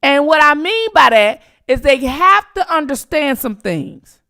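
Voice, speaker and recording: Gravelly, lively woman streamer. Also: sits high, measured pace. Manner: blunt, profane, teasing. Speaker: channel host. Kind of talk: live-stream commentary talking to viewers.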